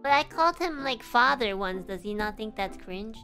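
A woman's voice: fairly high pitch, lively intonation, normal speed, bright, forceful tone, faint music behind. A woman streamer chatting casually, asking curious questions. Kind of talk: casual chat.

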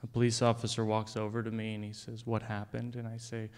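A man telling a long comic story on stage, with a dry, wry, deadpan delivery. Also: lowish voice, fast talker, clean tone. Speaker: comedian. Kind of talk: stand-up storytelling.

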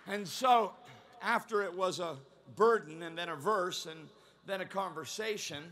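A male preacher addresses a large conference crowd in a high, forceful voice. He builds to shouted peaks and then falls to a low, confiding tone. He often repeats words and restarts as he speaks. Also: unhurried. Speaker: pastor. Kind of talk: conference sermon.

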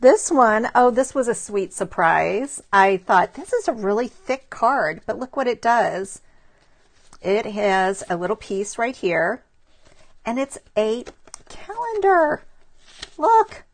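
A middle-aged woman chatting warmly on a live craft stream, admiring handmade cards and greeting viewers by name. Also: medium pitch, lively intonation, unhurried, creaky. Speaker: stamping demonstrator showing cards to live viewers. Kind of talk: casual live craft show-and-tell.

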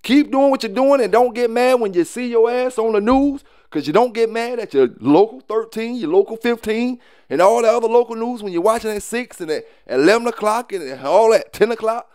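High-voiced man talking straight. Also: lively intonation, a little fast, a little mellow, clear, resonant tone, no echo, clean studio sound. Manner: loose, repetitive, often asks "you know what I'm saying"; blunt and preachy, with short laughs. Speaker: dog kennel owner. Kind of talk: casual to-camera talk.

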